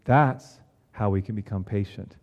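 A man preaching a sermon in an earnest way, with emphatic rises and quiet low drops. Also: a little slow, highs cut off. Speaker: pastor.

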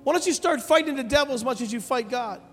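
High-voiced animated preacher man. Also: fast. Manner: animated, emphatic, calls out to the congregation. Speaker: pastor. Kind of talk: storytelling sermon. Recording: long hall reverb with soft music behind.

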